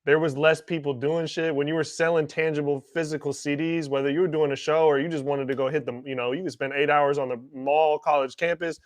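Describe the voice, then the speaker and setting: A man hosting a podcast interview, asking questions in relaxed, slangy casual chat. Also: on the high side, a little fast, hardly any pauses, dry recording. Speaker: podcast host.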